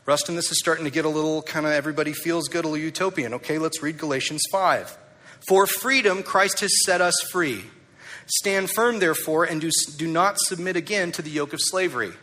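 A male pastor preaching a sermon, emphatic and conversational, asking the congregation rhetorical questions and dropping soft on key lines. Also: on the high side, fairly quick.

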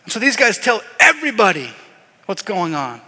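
A man preaching a sermon as pastor, telling the story in a lively way and acting out voices. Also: sits high, normal speed, slightly rough, big-room sound. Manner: animated storytelling, acts out voices.

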